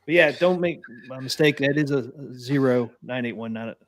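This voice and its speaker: A man co-hosting a casual chat, animated and laughing often. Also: medium pitch, normal speed. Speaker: co-host.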